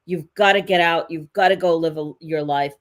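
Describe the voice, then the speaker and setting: Lady psychic co-host, lowish voice, lots of um and like, kinda rambly. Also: normal speed. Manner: rambling and hesitant, many ums and likes. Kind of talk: live online reading.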